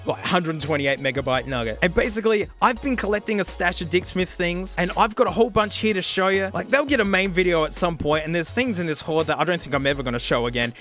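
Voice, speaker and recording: An Australian man hosting a casual gadget review, jokey and animated, full of slang. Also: high-pitched, quick pace, hardly any pauses, soft background music. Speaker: YouTube host reviewing gadgets.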